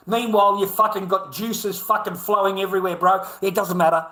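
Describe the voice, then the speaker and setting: A man with an Australian accent rambles through a coarse livestream rant, cursing in nearly every sentence. His voice sits noticeably high for a man, and the room around him rings with echo. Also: steady tone, fairly quick, few pauses, sharp tone. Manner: crude, swears constantly, rambling.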